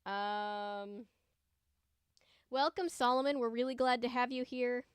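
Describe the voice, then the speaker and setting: A young woman hosts a casual home livestream, chatting easily and greeting viewers by name. Her voice is smooth and clear, recorded dry and close with no room echo. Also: fairly high pitch, takes it slowly. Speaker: livestream host.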